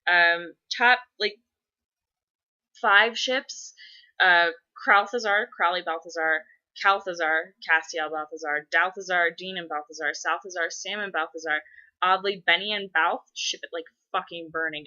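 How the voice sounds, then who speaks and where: A young woman rambles through fandom chatter in a low, bright-edged voice, swearing freely and giggling between thoughts. She talks casually to the camera from home, recorded through a dull, lo-fi webcam mic. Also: steady tone, a little slow. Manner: chatty, profane, giggly fan talk. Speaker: vlogger answering inbox questions.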